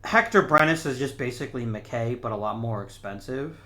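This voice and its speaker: A man's voice: mid-range voice, normal speed, pushed and bright. A man hosting a gaming channel, thinking aloud in casual let's-play commentary and talking to the players on screen.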